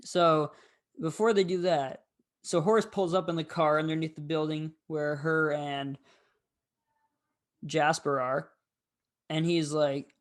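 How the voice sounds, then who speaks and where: A man's voice: fairly high pitch, fairly even intonation, slow pace, long pauses. A man hosting a casual film review, talking in a rambling, candid way with frequent fillers.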